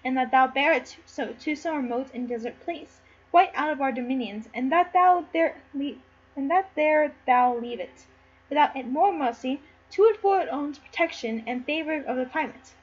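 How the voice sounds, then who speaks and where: A woman's voice: sits high, normal speed, lightly acted. A woman reading the part of a jealous, furious king in an amateur play read-through, with a barking, commanding delivery. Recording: slightly muffled with faint noise.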